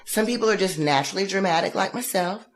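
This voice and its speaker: A woman co-hosting a podcast, chatting casually and giving opinions with animated retellings. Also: mid-range voice, fast. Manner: animated, opinionated, acts out quotes in dramatic voices. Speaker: podcast co-host. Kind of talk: casual chat.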